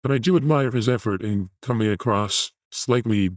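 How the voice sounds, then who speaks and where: Deadpan, sarcastic male comedy host. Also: on the low side, moderate pace, no echo, rough recording. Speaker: show host.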